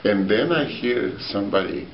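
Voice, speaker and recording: Deep-voiced man telling stories in a hall. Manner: animated storyteller, halting with many fillers. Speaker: opera singer, guest. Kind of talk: storytelling interview. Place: meeting hall. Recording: roomy, distant, dull with faint hiss.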